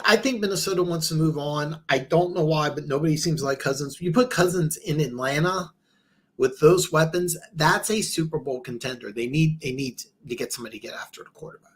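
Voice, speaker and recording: A man's voice: fairly high pitch, normal speed, a bit bright. Stammering, rambling male football host. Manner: rambling, many restarts and stammers. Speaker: podcast host. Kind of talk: casual football commentary.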